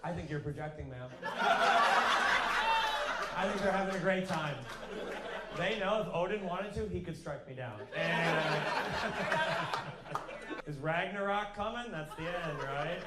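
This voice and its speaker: A man doing stand-up crowd work, quick and mocking, laughing at his own jokes on a club stage. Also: a little high, echoey room, very noisy.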